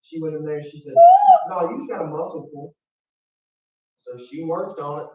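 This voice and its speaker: A man's voice: on the high side, moderate pace. Male student, casual classroom banter; distant and dull in an echoey room. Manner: lively, joking about his pain.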